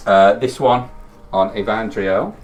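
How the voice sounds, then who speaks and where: Fairly low-voiced man running a game. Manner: narrates combat briskly between rules calls. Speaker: dungeon master. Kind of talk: running a tabletop game session. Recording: distant mic with music behind.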